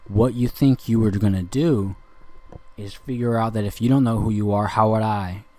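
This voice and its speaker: A man's voice: lowish voice, fairly even intonation, normal speed, dark tone. A young man talking in a rambling, confrontational monologue, intense and lecturing, circling back over the same points. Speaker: speaker addressing a listener.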